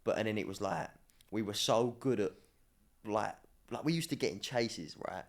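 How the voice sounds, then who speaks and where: Young adult male, slightly low pitch, animated slangy storyteller, casual podcast chat. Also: normal speed. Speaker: podcast guest, former academy footballer.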